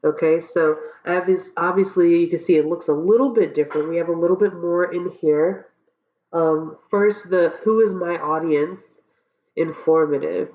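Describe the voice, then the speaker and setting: A woman's voice: lowish voice, fairly even intonation, normal speed, a little mellow. A woman college instructor with a stuffy, cold-affected voice walks students through course assignments in a casual way, often checking in with "okay?". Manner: casual, checks in with frequent okays and ums. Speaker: college public speaking instructor. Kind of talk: recorded course walkthrough lecture. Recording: roomy, dull lo-fi recording.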